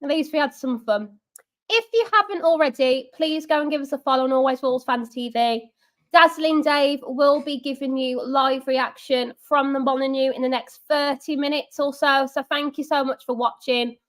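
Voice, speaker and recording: A woman's voice: high-pitched, normal speed. A young woman hosting a live football watch-along, chatty and sarcastic, reading out viewer comments. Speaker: fan channel watch-along host.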